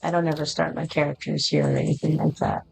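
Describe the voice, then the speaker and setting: A woman's voice: low-pitched, flat delivery, quick pace, gravelly, darkish tone, slight background noise, low-quality recording. A woman streaming a game, chatting casually and reading quest dialogue aloud in her own voice.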